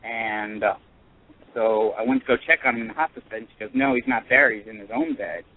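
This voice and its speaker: A male caller tells a personal story on a radio call-in show, earnest and halting, full of pauses and restarts. His voice sits in an ordinary middle pitch. It comes through a narrow, tinny phone line. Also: big pitch swings.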